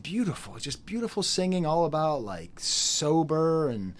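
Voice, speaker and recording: A young adult man giving a casual, jokey album review, animated and quick to laugh and mimic. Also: fairly high pitch. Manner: sings and beatboxes drum patterns. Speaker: music reviewer.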